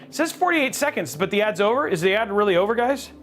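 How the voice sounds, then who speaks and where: Male streamer host, lively swinging pitch, mid-range voice, jokey and chatty, faint music behind. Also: fast talker. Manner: animated, jokey, chatting with viewers. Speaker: host of a live PC-building stream. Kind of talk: casual live-stream chat while building.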